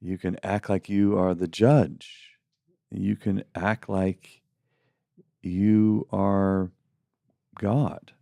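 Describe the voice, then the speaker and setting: A middle-aged man with a low, gravelly voice co-hosts a faith podcast in a dry, close-miked sound. His talk is casual and animated, and he slips into mocking voices when he quotes people. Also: very slow, pauses often, no echo. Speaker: podcast co-host.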